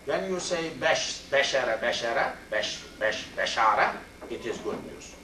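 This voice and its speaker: An older man teaching a Quran and Arabic class, speaking slowly and repeating Arabic word forms as he explains them. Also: medium pitch, animated, pushed and bright, slight background noise. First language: Turkish. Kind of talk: classroom tafsir lecture. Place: mosque classroom. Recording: roomy, distant amateur video recording.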